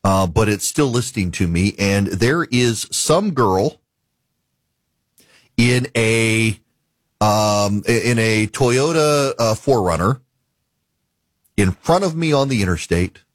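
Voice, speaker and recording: A man's voice: lowish voice, takes it slowly, pauses often, no echo, studio quality. A man, casually telling a story and ranting with exasperation as a talk show host. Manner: animated, exasperated ranting with bursts of laughter.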